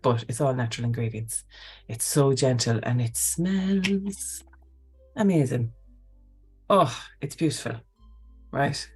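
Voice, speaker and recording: Husky low-voiced woman chatting. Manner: animated, chatty, frequent okay and right tags. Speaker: host. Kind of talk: casual live talk.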